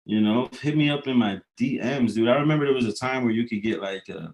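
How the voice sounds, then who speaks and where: A man with an average-pitched voice talks off the cuff in a rambling, profane monologue. He slides from loose banter into earnest philosophizing and leans on fillers as he goes. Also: fast talker, a little mellow. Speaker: rapper.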